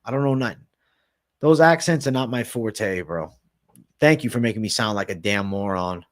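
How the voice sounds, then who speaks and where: A man's voice: mid-range voice, moderate pace. A man hosting a livestream, casually answering chat with slang and frequent swearing. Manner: profane, slangy, reads and answers chat comments.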